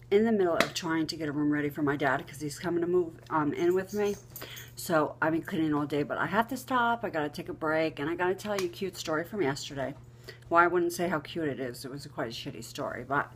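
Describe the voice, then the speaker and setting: A middle-aged woman vlogger casually telling a funny story, animated and swearing, giggling often. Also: low-pitched, a little hiss or hum.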